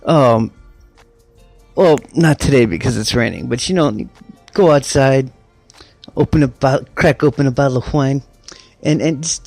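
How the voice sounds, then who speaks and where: A man's voice: medium pitch, expressive, normal speed, darkish tone, dry recording, faint music behind. A middle-aged man ranting casually as an online commentator, rambling and mocking, with lots of restarts and swearing. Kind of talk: casual rant.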